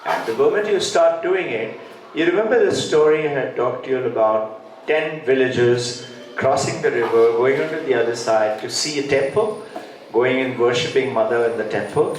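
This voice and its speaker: A man's voice: mid-range voice, normal speed, a little hiss or hum. Man's storytelling talk echoing through a hall. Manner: tells parables, acting out characters' lines. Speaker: school president addressing teachers. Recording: very echoey hall, distant mic.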